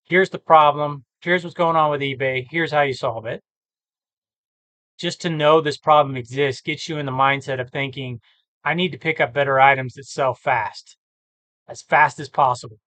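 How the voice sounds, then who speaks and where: A tired man who talks casually and thinks out loud, rambling and correcting himself as he works through reseller listings. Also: fairly high pitch, fairly even intonation, moderate pace, no room sound. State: tired, yawning. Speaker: eBay reseller vlogger. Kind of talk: casual screen-share commentary.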